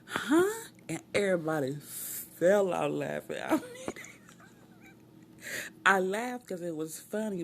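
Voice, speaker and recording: A woman telling a casual story from home, animated and acting out voices, with hushed asides. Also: low-pitched, gravelly, a little hiss or hum. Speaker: storytime vlogger and mother.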